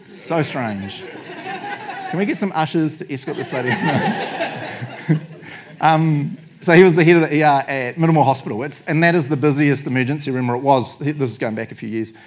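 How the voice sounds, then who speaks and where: A man's voice: fairly high pitch, moderate pace, some chatter behind, a little hiss or hum. A man preaching a sermon to a congregation, joking and laughing often. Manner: jokey, animated, laughs often. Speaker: pastor.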